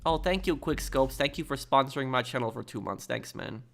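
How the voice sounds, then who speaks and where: A man's voice: medium pitch, a little fast, vocal fry, a bit bright, slight background noise. Rambling male game streamer reading chat. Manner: rambling and hesitant, with frequent ums and restarts. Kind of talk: casual live-stream chat, reading and answering viewer messages.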